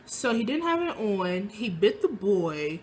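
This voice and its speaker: A woman's voice: medium pitch, unhurried, a little hiss or hum. A young woman telling a personal story in casual speech, acting out what people said in a raised voice. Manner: animated, acts out quoted lines in a raised voice. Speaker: vlogger.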